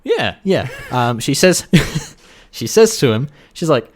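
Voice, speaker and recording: A man co-hosting a podcast, telling jokes in casual chat, animated and swearing. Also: on the high side, takes it slowly. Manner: animated storyteller, swearing, laughs at his own jokes. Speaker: podcast co-host.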